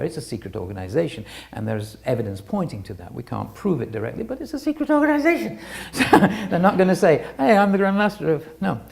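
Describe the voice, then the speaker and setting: A woman's voice: a bass voice, vocal fry, a little mellow. A woman giving an illustrated talk with slides, explaining step by step and often restarting her sentences. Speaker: presenter.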